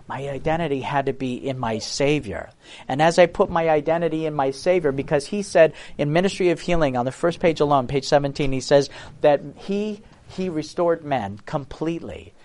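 A man's voice: a little high, normal speed, a little mellow. A man preaching a personal testimony in an earnest, emphatic way, putting rhetorical questions to his listeners. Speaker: Christian speaker giving testimony.

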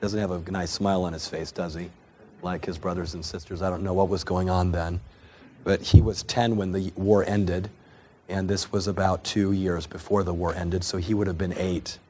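Deep-voiced man telling a sermon story. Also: little pitch movement, normal speed, darkish tone, breathy edge. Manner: earnest, repeats and restarts words. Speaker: preacher.

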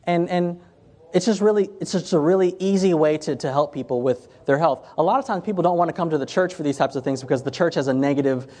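A man's voice: on the high side, quick pace, mellow. A man giving an informal health ministry talk to a group, telling stories in a conversational way and often repeating and restarting phrases. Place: room with chairs before a group. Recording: long hall reverb.

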